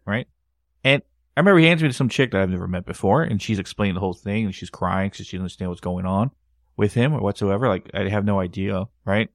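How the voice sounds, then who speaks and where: A man's voice: fairly low pitch, fast, no echo, studio quality. A man paranormal investigator telling a story in casual podcast chat, acting out quotes. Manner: animated storyteller, acts out quotes.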